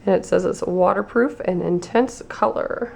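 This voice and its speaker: A woman's voice: medium pitch, moderate pace, gravelly, a little mellow. A woman vlogger losing her voice, chatting casually through a beauty box unboxing and reading labels aloud.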